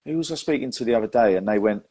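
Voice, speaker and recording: A man's voice: medium pitch, expressive, racing, mellow, slightly rough. A young man hosting a casual chat, telling stories with plenty of laughs and friendly "mate"s. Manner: chatty storyteller, laughs often, says "mate". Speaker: host and magician.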